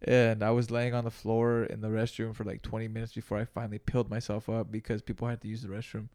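A man co-hosting a podcast, telling a story in a casual, profane and animated way, acting out gasps and quoted lines. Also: fairly low pitch, fast. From California. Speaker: podcast co-host.

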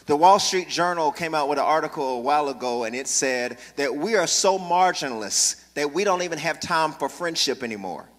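Pastor, man, bright high voice, passionate sermon, big reverberant hall. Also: animated, moderate pace, hardly any pauses. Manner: call-and-response preaching, building to loud, passionate delivery. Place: church sanctuary.

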